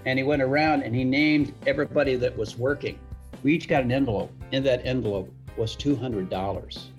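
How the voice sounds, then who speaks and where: A man's voice: medium pitch, fairly quick, dull audio, faint music behind. A man telling a casual anecdote, chatty, repeating words as he goes and acting out the quotes. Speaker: guest storyteller.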